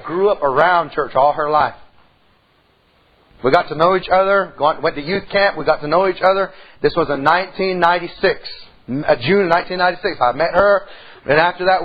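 A man's voice: high-pitched, slightly rough, muffled recording. A middle-aged man, preaching a sermon in a church and telling a personal story in a folksy way. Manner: folksy storytelling preacher, swings from loud to hushed. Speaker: pastor.

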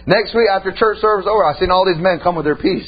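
A man's voice: high voice, fast talker. A male preacher delivering a sermon, emphatic and storytelling, punctuating points with repeated amens, on a dull lo-fi recording with a faint hum.

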